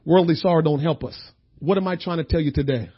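A man's voice: a little high, fast, breathy edge. A middle-aged man preaching a sermon in church, telling his own story in a loose, conversational way, often repeating his words. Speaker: pastor. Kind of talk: sermon with personal testimony. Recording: dull lo-fi sermon recording.

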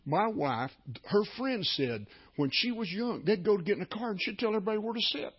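A man's voice: high-pitched, animated, brisk, breathy edge. An older man, a pastor preaching a sermon through folksy, repetitive storytelling. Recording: dull lo-fi recording.

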